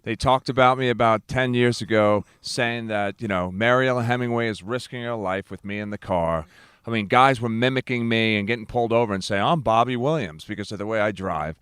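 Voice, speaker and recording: Man, low voice, smooth and resonant, laid-back, dry. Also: fairly quick, a bit bright, no echo. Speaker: podcast guest. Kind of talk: casual chat.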